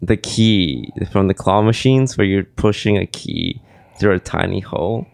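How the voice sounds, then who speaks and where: A man's voice: deep voice, measured pace, creaky, a little mellow, no echo. A young man hosting a casual podcast who is losing his voice, rambling and self-deprecating as he slips in ad plugs. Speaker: podcast host.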